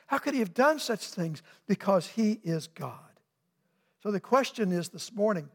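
An older male pastor delivers an earnest sermon, pressing his congregation with questions and slowing down to land his points. His voice sits a little high for a man and carries a gravelly edge. The sound rings out with the long reverb of a church hall. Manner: earnest, asks rhetorical questions, slows for emphasis.

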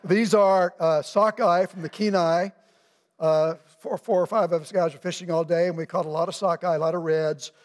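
A middle-aged man, pitched fairly high, delivers a sermon from the pulpit. He talks in an animated way and slips into the voices of the people in his story. The sound carries a long reverb from the church sanctuary. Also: normal speed. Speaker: pastor.

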